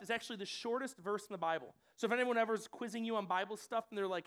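A man giving a conversational sermon to a room, animated and casual, often acting out what people might say. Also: sits high, fast talker. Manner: conversational, animated, acts out quoted voices. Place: church room with audience.

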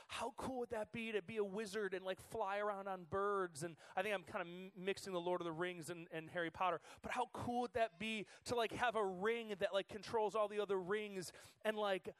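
A man in his thirties giving a chatty, excitable sermon to students as their youth pastor, full of fillers. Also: sits high, no room sound. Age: 30s.

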